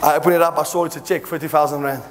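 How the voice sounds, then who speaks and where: Animated preacher, high voice. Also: male voice, rapid-fire, big-room sound. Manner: animated, acts out dialogue, laughing asides. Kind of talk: storytelling sermon.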